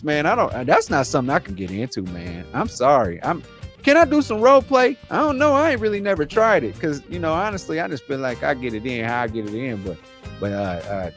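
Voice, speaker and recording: Man, high voice, lively pitch, laid-back news chat, repeats himself, faint music. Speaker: podcast co-host. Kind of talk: casual news commentary chat.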